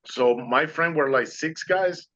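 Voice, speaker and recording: A man's voice: a little high, slow pace, a bit bright, highs cut off. A man speaking as an interview guest, telling his story earnestly and animatedly in non-native English phrasing over a video call.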